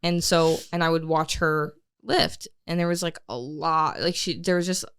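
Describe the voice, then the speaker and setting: A woman who is a fitness coach, talking on a podcast in a reflective, measured way with many fillers. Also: deep voice, fairly even intonation, a bit bright, clear, resonant tone. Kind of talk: casual podcast chat.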